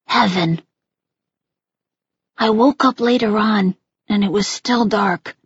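A woman reading a first-person story aloud in a slow, quiet and intimate way. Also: mid-range voice, slightly rough, no room sound, dull audio. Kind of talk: scripted audiobook narration.

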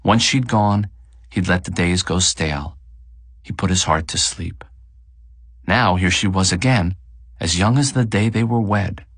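A man narrating an audiobook in a measured, expressive reading. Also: deep voice, breathy edge, dry recording. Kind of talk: scripted narration.

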